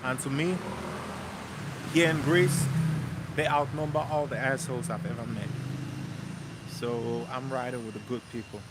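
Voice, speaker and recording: A man vlogging as he walks outdoors through a city neighborhood, telling stories in a relaxed, chatty way with plenty of slang and repeated phrases. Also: medium pitch, moderate pace, long pauses. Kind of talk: casual storytelling walk-and-talk. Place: outdoors on a city street, walking. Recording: street traffic noise behind.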